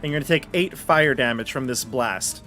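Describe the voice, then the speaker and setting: A man running a tabletop game as game master, narrating the scene in a relaxed way and often restarting his sentences. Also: mid-range voice, fairly quick, faint music behind.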